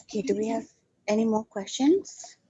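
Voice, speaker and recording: A woman hosting an online webinar over a video call, moderating in a polite, brisk way. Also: on the high side, expressive, dark tone, a little hiss or hum. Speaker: webinar host. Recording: dull lo-fi video call audio.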